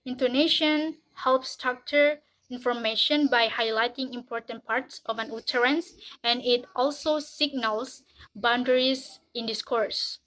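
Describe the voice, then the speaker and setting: A woman with a somewhat high voice reads her section of a class presentation. Her delivery is steady and measured, with each phrase read as written. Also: low-quality recording. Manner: steady, even reading of prepared text. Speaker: student presenter.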